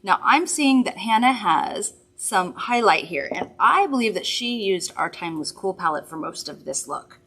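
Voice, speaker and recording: A woman's voice: mid-range voice, lively intonation, normal speed, hardly any pauses, a bit bright, husky. A woman hosting a live makeup demonstration from a studio, chatty, upbeat and reassuring as she works. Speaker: makeup host.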